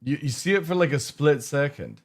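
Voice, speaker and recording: A man's voice: on the high side, very animated, brisk. An English man streaming a game, chatting to his viewers in a rambling way and swearing freely. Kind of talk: casual live-stream chat.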